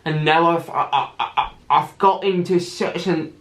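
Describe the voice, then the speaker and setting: A man's voice: on the high side, unhurried, fairly bright tone, echoey room. A man hosting a casual solo podcast who stammers and restarts his words often. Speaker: podcast host.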